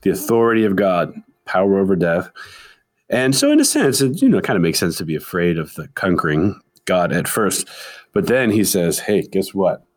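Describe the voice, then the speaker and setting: A man's voice: low voice, very animated, normal speed. A man co-hosting a podcast in casual discussion, explaining a text and reading passages from it aloud. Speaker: podcast co-host.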